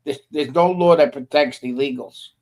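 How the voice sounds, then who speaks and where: A man's voice: medium pitch, normal speed. A man co-hosting a casual political stream, blunt and scornful in his remarks. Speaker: co-host. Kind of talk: casual political chat show.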